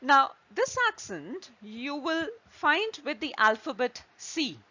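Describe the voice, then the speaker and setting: A woman's voice: high-pitched, bright, forceful tone. A woman hosting an online French lesson, explaining patiently step by step with examples. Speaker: French teacher. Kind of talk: slow online language lesson. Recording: slightly dull lo-fi recording.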